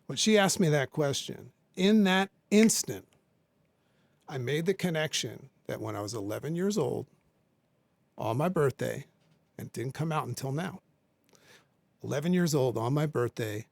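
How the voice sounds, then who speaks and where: On a podcast, a guest in his forties with a mid-range voice shares an emotional, intense story from his life, voicing both parties in conversations he recalls. The recording has no echo.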